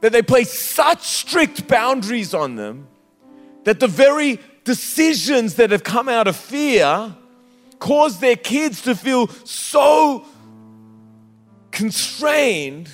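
A man with a high voice preaches with passion, stretching and half-singing his phrases. His words ring out in a live church hall with a long reverb tail. Soft instrumental music plays behind him. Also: big pitch swings. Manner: impassioned preaching with sung, drawn-out phrases. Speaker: pastor. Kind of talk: sermon.

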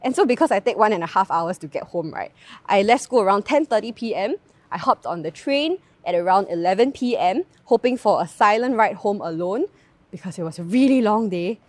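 Young Singaporean woman, devotional speaker, conversational and animated, mid-pitched voice, dry room. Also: a little fast, no room sound. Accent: Singaporean English. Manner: chatty, animated storytelling with tag questions. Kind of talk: devotional talk with personal story.

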